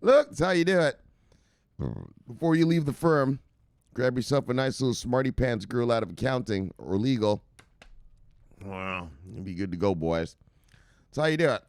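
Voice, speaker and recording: A man's voice: medium pitch, lively intonation, normal speed, pauses often, clear, resonant tone, no room sound. A man hosting a crypto news show who rants casually and profanely, laughing and acting out scenes. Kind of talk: casual rant.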